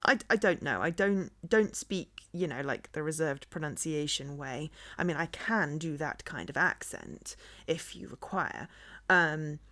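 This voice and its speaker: A woman's voice: low-pitched, expressive, measured pace, pushed and bright, no echo. A woman in her forties with a fairly neutral English accent, chatting casually on a live game stream, rambling and self-deprecating with lots of fillers and restarts. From English Midlands. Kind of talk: casual live-stream chat while gaming.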